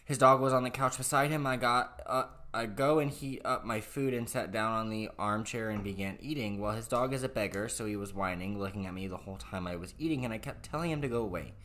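A man co-hosting a podcast, reading posts aloud haltingly with restarts and breaking in with blunt, profane remarks. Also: fairly low pitch, pushed and bright. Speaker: podcast co-host.

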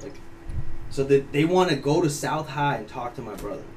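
A man's voice: mid-range voice, normal speed. Man from Ukraine, swearing, distant mic. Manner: animated, profane, laughing often. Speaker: podcast guest. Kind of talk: casual storytelling. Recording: distant mic, faint background noise.

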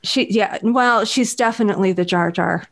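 A woman's voice: mid-range voice, moderate pace. A woman co-hosting a casual movie review chat, sarcastic and mock-indignant. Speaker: podcast co-host.

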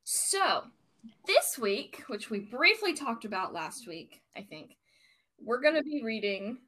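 A woman's voice: on the high side, sing-song, slow, bright, forceful tone. A young woman co-hosting a casual podcast, rambling and self-deprecating as she explains a word. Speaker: podcast co-host.

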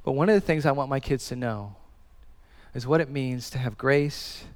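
A man's voice: mid-range voice, normal speed, darkish tone, long reverb tail. A man in his thirties preaching a sermon in an earnest, conversational way, repeating phrases for emphasis. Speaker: pastor.

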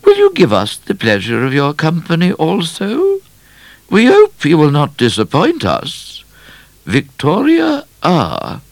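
A man voicing a stately old queen in a storybook reading, speaking slowly in grand, formal tones. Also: on the high side, huge pitch swings, gravelly, no echo, voice pushed up, heavily acted. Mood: regal. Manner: slow, grand, formal diction.

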